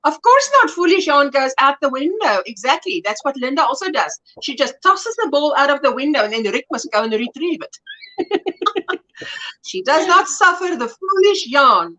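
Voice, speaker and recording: A woman's voice: sits high, big pitch swings, normal speed, pushed and bright. A South African woman hosting a casual livestream chat, reading viewer comments aloud and laughing often. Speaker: livestream host.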